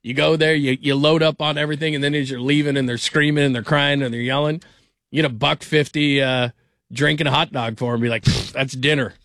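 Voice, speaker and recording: This late-night sports radio host is a man who keeps rambling, starting his sentences over and laughing frequently. His steady voice is on the high side, fairly bright and a little fast. Recorded dry and close on a studio microphone, there's no room sound.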